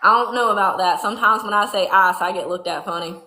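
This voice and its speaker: A woman's voice: medium pitch, quick pace, bright, forceful tone, echoey room. A woman from Louisiana with a Southern accent and a folksy country twang, hosting a casual farm livestream and chatting with viewers from a barn. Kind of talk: casual livestream chat reading viewer comments. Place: barn during milking chores.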